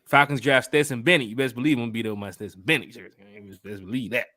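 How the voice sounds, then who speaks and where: A man hosting a casual fan podcast, loud and hyped, talking to the live chat. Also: medium pitch, fairly even intonation, quick pace. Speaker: podcast host.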